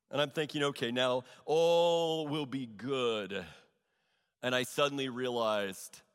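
A male pastor preaching a sermon in a church, telling a story with animated, exaggerated asides. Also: fairly high pitch, long reverb tail. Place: large church hall.

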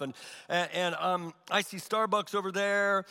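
A male pastor preaching a sermon in a church, telling a story with animated, exaggerated asides. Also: high voice, measured pace, big-room sound. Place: large church hall.

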